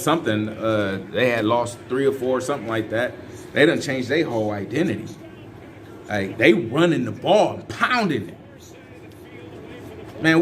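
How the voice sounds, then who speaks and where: A man's voice: mid-range voice, a little hiss or hum. A man, giving loose, rambling and emphatic fan commentary on his team. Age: 50s. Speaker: sports fan vlogger. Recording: faint music underneath.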